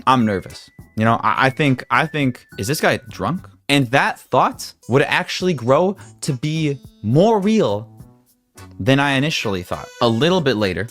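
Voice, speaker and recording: Young man, story-time vlogger, animated, loud bursts and hushed asides, stammers. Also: medium pitch, measured pace, soft background music. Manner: excitable, swings between loud outbursts and hushed asides; swears and stammers on restarts.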